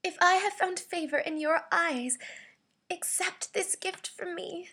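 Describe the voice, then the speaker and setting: A woman's voice: a little slow, creaky, sharp tone, exaggerated voice. A woman voicing a meek woman pleading in a raised, imploring voice. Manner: high, imploring.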